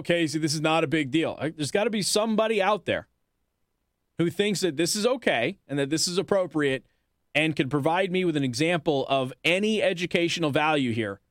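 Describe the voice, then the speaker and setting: A man's voice: a little high, fairly bright tone, no echo, clean studio sound. A man hosting a talk radio show, making his points with pointed rhetorical questions and hiccuping now and then. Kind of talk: opinionated talk radio monologue.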